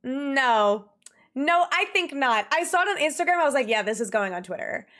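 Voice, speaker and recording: A young woman chats with her stream viewers in a loose, casual way. Her voice sits a little high, and she rants in an exasperated, animated tone. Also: normal speed. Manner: animated, exasperated ranting with laughs. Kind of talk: casual livestream chat.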